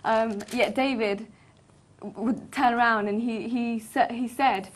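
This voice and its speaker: Giggly woman co-host, fairly high voice. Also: fairly even intonation, measured pace. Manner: giggly, laughs often between phrases. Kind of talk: casual Bible discussion.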